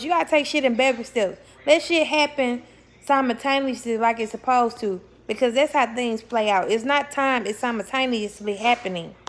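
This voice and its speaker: A young woman with a slightly high voice speaks casually to her viewers about spiritual matters. She is blunt and swears freely. She often repeats words for emphasis, corrects herself mid-sentence and laughs as she talks. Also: a little hiss or hum. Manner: laughs while talking, self-correcting. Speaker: spiritual vlogger. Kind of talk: casual spiritual talk to camera.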